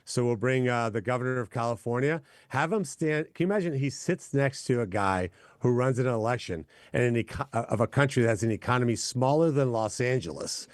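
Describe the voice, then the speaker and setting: A man answering as a senator in a political interview, confident and forceful, repeating points for emphasis. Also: mid-range voice, brisk, few pauses, dry recording, studio quality.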